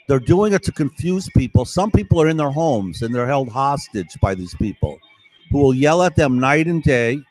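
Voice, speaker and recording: A man's voice: on the high side, a little mellow, no room sound, poor audio. A man in a casual monologue, rambling and insistent, with an aggrieved, conspiratorial tone that keeps checking in with "right?".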